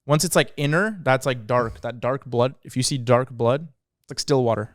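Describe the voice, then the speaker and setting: A young man co-hosting a podcast, telling stories in a lively, slangy casual chat. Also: mid-range voice, moderate pace, no room sound, studio quality. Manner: animated storytelling, slangy. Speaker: podcast co-host.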